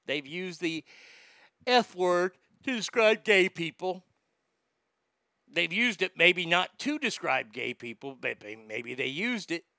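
A man talks through a casual podcast, swearing freely and rambling between listener comments. His voice is bright and crisp, a little high for a man. The sound is dry and close. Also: expressive, slow, no echo. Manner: profane, rambling, reads listener comments aloud. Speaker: podcast host.

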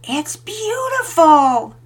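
A woman voicing an excited, affectionate young girl in a storybook reading, with a high, eager voice. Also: moderate pace, far from the mic. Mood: delighted.

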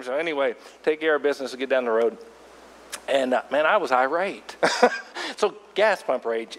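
A man preaching a sermon, telling a story from his own travels with lively asides to the congregation. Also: fairly high pitch, in a large hall. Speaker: pastor.

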